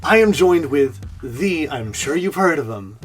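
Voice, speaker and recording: A man's voice: on the high side, expressive, a little slow. A man voicing a friendly, chummy male radio host with breezy patter, over faint music. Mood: upbeat.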